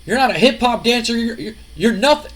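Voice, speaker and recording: A man's voice: sits high, expressive, measured pace, full character voice. A man voicing an older wrestling king who scolds and mocks his son. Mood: mocking. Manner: scolding, mocking, shouting.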